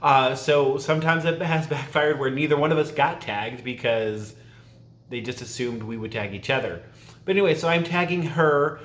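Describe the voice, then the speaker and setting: A man's voice: mid-range voice, moderate pace, a bit bright. Chatty man in an echoey room. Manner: rambling, self-interrupting, laughs often. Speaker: YouTube vlogger. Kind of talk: casual chatty tag video.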